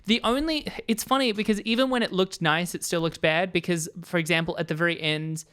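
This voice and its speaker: A woman's voice: on the low side, fairly quick, fairly bright tone. A woman co-hosting a podcast, chatting loosely about a movie, laughing often and swearing casually. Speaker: podcast co-host. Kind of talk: casual chat.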